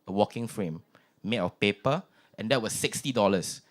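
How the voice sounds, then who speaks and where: A young man with a Singaporean English accent hosts a stand-up comedy open mic, speaking at normal speed in a fairly low pitch. He's chatty and pokes fun at himself.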